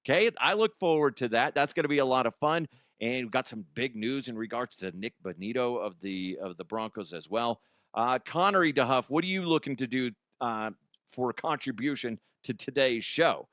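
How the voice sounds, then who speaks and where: A man's voice: medium pitch, normal speed, fairly bright tone, dry recording, studio quality. A man hosting a comedy podcast, rambling loosely and laughing between bits. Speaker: podcast host. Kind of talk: casual comedy monologue.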